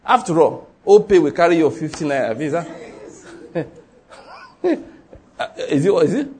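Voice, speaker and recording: Man, Nigerian accent, sermon, emphatic, rhetorical questions, raised pitch. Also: expressive, moderate pace, darkish tone. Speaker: preacher.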